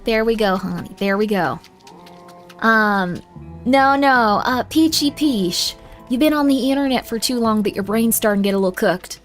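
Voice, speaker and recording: A young woman chats on a livestream in a bright, fairly high voice, slipping into a playful mock-southern drawl. She talks motherly and direct, calling viewers honey. Faint game music plays under her desk mic. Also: moderate pace. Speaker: streamer. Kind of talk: casual livestream chat.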